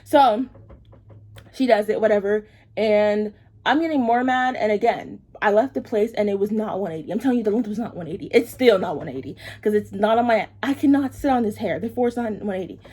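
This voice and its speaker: A woman's voice: mid-range voice, fairly quick, a little mellow, slightly rough. A woman telling a story to camera while getting ready, chatty and rambling, repeating herself for emphasis as she vents her frustration. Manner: frustrated, venting. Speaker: vlogger.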